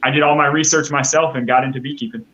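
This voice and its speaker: A man's voice: medium pitch, fairly even intonation, fast talker, pushed and bright, dull audio. A man chatting as a guest beekeeper on a live call, eager and stammering with restarts. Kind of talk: casual chat.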